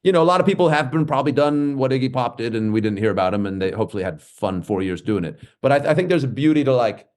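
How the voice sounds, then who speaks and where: Animated, swearing male comedian. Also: medium pitch, quick pace, hardly any pauses. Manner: animated storyteller who swears freely and acts out quotes. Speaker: guest comedian and clown performer. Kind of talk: casual podcast chat.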